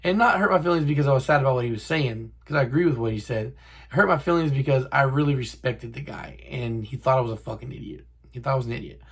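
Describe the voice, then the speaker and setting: A man's voice: medium pitch, fast, breathy edge. Young dude rambling about his car to the camera, swears a lot, loose and chatty. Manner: profane, rambling, buddy-to-buddy. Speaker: car channel host. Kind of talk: casual talk to camera.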